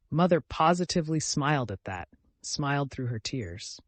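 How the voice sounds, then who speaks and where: A man reading a classic novel aloud as audiobook narrator, measured and gentle. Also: a little high, very animated, no echo.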